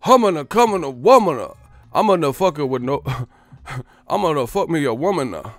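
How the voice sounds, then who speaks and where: A man's voice: a little high, expressive, normal speed, no echo, voice pushed up. A man mimicking a mumbling male rapper who slurs nonsense rhymes in a sing-song way. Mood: slurring.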